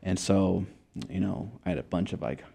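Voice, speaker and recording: Low gravelly young man, laid-back. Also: expressive, normal speed, mellow. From Montana, USA. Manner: laid-back, heavy swearing, many fillers. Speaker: interview guest. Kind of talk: casual storytelling interview.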